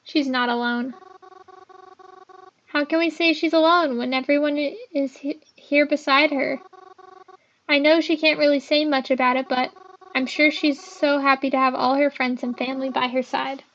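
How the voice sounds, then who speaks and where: A girl reading a visual novel aloud and voicing its gentle heroine in a soothing way. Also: sits high, steady tone, normal speed, dull audio. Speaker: video game player.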